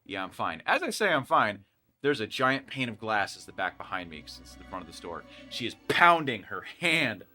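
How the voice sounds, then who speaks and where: A man's voice: lowish voice, normal speed, soft background music. A man casually telling a work story while playing a game, acting out the people in it. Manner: animated, acts out the people in his story. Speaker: co-host. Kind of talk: casual storytelling over gameplay.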